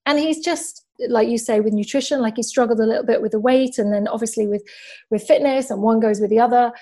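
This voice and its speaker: A football journalist shares stories in a relaxed interview. Her voice is mellow and sits a little high. She talks in a loose, chatty way with plenty of fillers. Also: fast. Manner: chatty storyteller, many fillers like "like". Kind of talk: casual interview chat.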